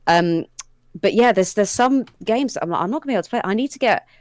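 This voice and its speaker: A woman's voice: mid-range voice, lively intonation, fast, no room sound. A woman with a British RP accent, a guest voice actor chatting casually and rambling off on tangents during a livestream.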